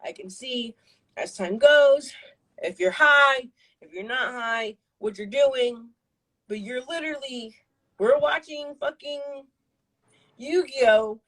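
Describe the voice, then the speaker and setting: A woman's voice: high-pitched, takes it slowly, long pauses, fairly bright tone, poor audio. A woman in her twenties on a live stream, telling a personal story in a casual, rambling way, full of fillers and swearing. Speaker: livestream guest.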